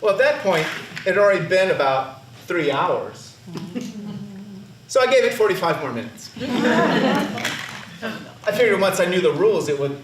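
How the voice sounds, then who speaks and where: A man's voice: high-pitched, big pitch swings, normal speed, pauses often. Guy telling his own story on stage, dry self-mocking jokes, picked up from far off, faint room hum. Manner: wry, self-mocking humor. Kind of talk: live personal storytelling performance. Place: theater stage. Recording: roomy, distant stage recording.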